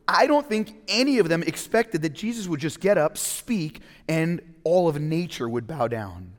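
A man preaching a sermon, opening in prayer and talking conversationally, slowing down to dwell on quoted scripture. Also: on the high side, in a large hall. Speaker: pastor.

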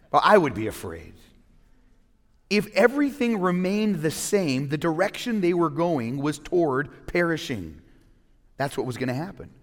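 A man preaching a sermon, opening in prayer and talking conversationally, slowing down to dwell on quoted scripture. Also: a little high, big-room sound. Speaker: pastor.

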